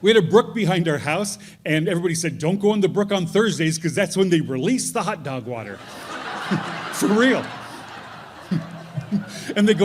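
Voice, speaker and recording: A man's voice: high voice, animated, moderate pace, long pauses. Chatty self-mocking man at a live show. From northern New York. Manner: self-deprecating, chatty, laughs at own jokes. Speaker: storyteller. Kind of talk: live storytelling performance. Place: live event stage.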